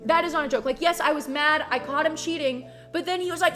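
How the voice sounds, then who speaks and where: A young woman streamer telling a story in a casual, animated and profane way, full of "like". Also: high-pitched, fast talker, few pauses, soft background music.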